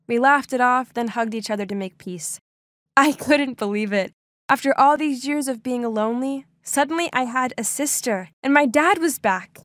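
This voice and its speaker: A woman's voice: on the high side, moderate pace, no room sound, studio quality. A young woman narrating a dramatic first-person story with lots of exclamations.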